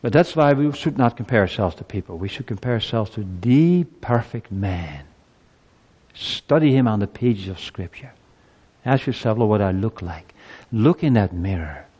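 A man in his fifties preaching a sermon, moving from quiet reflection to loud, urgent appeals. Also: fairly low pitch, lively intonation, moderate pace, breathy edge, highs cut off. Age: 50s.

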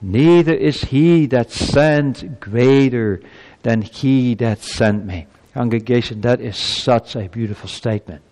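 A male pastor preaching a sermon to his congregation, emphatic and swinging from soft passages to loud exclamations. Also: medium pitch, slow pace. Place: church. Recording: long church-hall reverb.

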